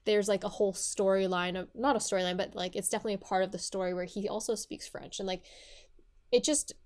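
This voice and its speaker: A woman's voice: mid-range voice, fairly even intonation, fast, darkish tone. Chatty young woman podcaster. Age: 20s. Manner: chatty, many fillers and restarts. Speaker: podcast co-host. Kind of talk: casual chat.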